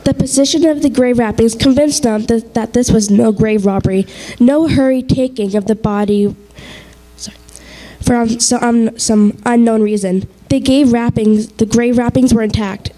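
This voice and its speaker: Earnest high-voiced woman reader. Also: moderate pace, mellow, rough recording. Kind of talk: dramatized scripture reading at a service.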